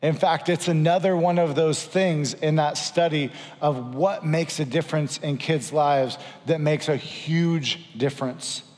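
A man preaches a sermon, earnest and urging, driving points home by repeating them. His voice sits a little high for a man. The sound rings with the long reverb of a large hall. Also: measured pace, few pauses, darkish tone. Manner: earnest, exhorting, repeats for emphasis. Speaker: pastor.

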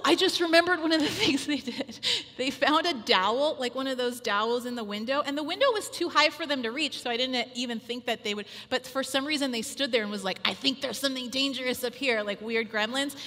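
A woman in her thirties giving a chatty, animated sermon full of personal stories, acting out little quotes. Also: high voice. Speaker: speaker at a women's church gathering. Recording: long hall reverb.

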